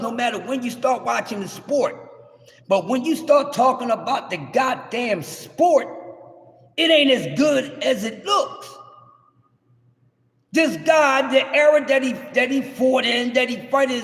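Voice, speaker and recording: Brash, high-voiced man ranting live. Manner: brash, cursing, trash-talking; loud, rising to shouts. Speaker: livestream host. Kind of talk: heated livestream rant. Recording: echoey room with long reverb.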